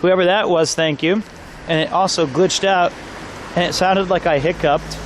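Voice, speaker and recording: A man's voice: high-pitched, fairly even intonation, normal speed, slight background noise. A man chatting casually to his live-stream audience while walking around town, rambling and joking with chat. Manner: rambling, jokey, talks to chat. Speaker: IRL streamer. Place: outdoors on city streets.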